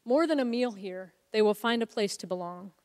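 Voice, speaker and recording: A woman's voice: mid-range voice, animated, moderate pace, darkish tone. A woman preaching a sermon as co-founder of a ministry, telling a Bible story in an earnest, reflective way. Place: church sanctuary. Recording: long hall reverb.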